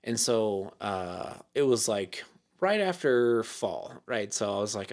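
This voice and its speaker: A man with a fairly low voice tells a long, rambling story as a podcast guest. He fills it with "uh" and "like", laughs often, and acts out what other people said to him. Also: sing-song, takes it slowly. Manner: acts out quoted lines in his story. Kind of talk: casual storytelling chat.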